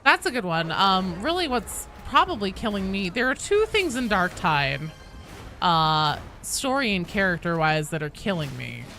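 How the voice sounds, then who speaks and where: A woman's voice: mid-range voice, unhurried, soft background music. A young adult woman streaming a game, chatting casually with her viewers and swearing freely as she plays. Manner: animated, swears freely, talks to chat while playing. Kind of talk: casual live-stream chat while gaming.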